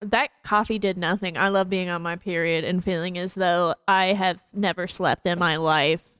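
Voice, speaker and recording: A woman's voice: on the low side, steady tone, moderate pace, fairly bright tone, clear, resonant tone, dry recording, studio quality. A woman livestreamer chatting casually to her viewers in a rambling, self-mocking way, laughing often between remarks. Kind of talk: casual stream chat.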